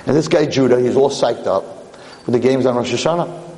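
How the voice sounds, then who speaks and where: A man preaching a story in an animated way, circling back over his phrases. He talks fast at a middling pitch, and a long reverb rings through the hall. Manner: animated, repetitive. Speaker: lecturer. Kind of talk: storytelling sermon.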